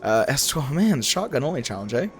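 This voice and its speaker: Speaking briskly at medium pitch, a young gaming YouTuber rambles through casual commentary while he plays. He's animated and often stops to correct himself and begin his sentences over.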